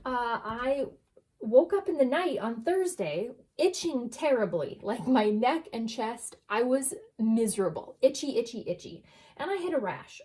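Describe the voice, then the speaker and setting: A woman's voice: medium pitch, darkish tone. A woman, telling a story in a chatty voice-over full of fillers and laughter. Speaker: journaling vlogger.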